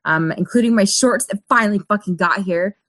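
A woman co-hosting a casual group chat, excitable and talking in quick bursts. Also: medium pitch, dry recording.

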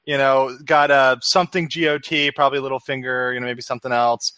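A man in a casual group chat, stumbling into quick, rattled-off lists. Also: mid-range voice, level tone, pushed and bright, clean tone, no echo.

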